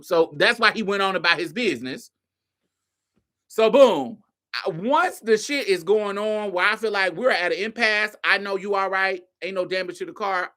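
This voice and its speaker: A woman with a sharp-toned, mid-range voice hosts a show, casually telling her listeners a story. She swears freely and calls them y'all, honey and baby.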